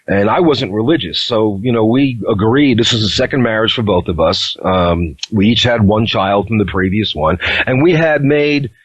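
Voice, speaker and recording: A middle-aged man from New York telling his life story as a podcast guest in a wry, unhurried way. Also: lowish voice, slightly rough, dry recording. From New York, USA. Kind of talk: casual storytelling interview. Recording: dull, lo-fi line.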